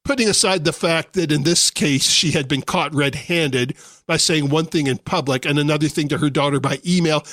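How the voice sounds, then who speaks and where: A man's voice: high-pitched, a bit bright, dry recording. A man hosting a radio talk show, delivering a sarcastic, indignant political commentary monologue into a studio microphone.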